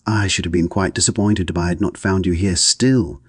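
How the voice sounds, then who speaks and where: Effusive sly young lady in a storybook, sugary pointed emphasis, guy reading her in his deep husky voice. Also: fairly even intonation, a little fast, no echo. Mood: gushing. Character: gushing insincere young woman, sly.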